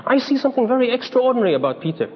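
Racing along in an extremely high, sing-song voice, a man preaches a sermon, telling stories with emphasis and acting out quoted voices. The dull lo-fi recording from a reverberant hall carries a little hiss or hum.

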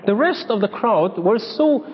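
A man with a high-pitched, lively voice preaches unhurriedly, emphatically telling stories and acting out the people he quotes. The sound is dull and lo-fi, recorded in a reverberant hall with a slight hiss or hum.

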